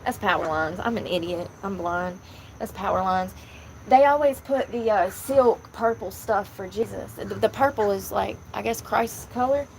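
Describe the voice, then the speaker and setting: A woman's voice: medium pitch, moderate pace, a little hiss or hum, poor audio. A woman, rambling candidly to her viewers in a casual vlog, talking into the phone in her hand. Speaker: vlogger. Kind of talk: casual chat.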